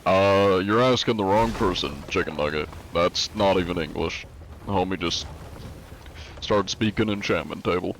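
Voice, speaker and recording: Laid-back low-voiced man streaming. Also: normal speed, slight background noise. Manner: laid-back, reads chat aloud and answers it; frequent "uh" fillers. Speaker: game streamer. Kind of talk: casual live-stream chat.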